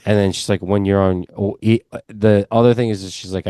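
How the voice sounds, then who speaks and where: Low new york guy rambling on a podcast, dry sound. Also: fairly quick, few pauses, no echo. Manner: rambling, animated storytelling with many fillers. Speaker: podcast co-host. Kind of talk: casual chat.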